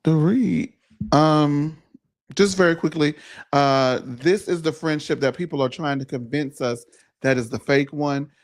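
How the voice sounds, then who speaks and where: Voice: mid-range voice, measured pace. A panelist on a live recap show, talking casually in an emphatic, opinionated way. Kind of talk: casual chat.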